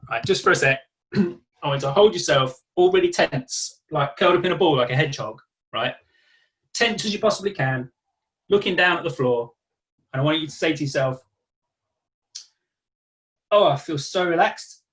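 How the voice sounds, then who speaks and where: A man's voice: a little high, expressive, a little fast, a bit bright. A man presenting a live online workshop over a video call, talking in a conversational way and acting out examples of self-talk.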